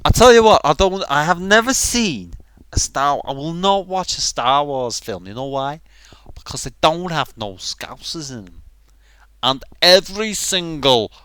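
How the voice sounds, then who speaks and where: A man doing a paranoid Liverpool bloke with a Liverpool accent, ranting on and on, rhetorical questions, bright forceful voice, smooth tone. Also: medium pitch, no echo, lightly acted.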